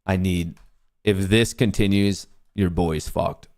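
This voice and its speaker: A man's voice: sits low, steady tone, takes it slowly, a little mellow. A young man hosting a live trading stream, ranting profanely at comments from his chat. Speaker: livestream trading host.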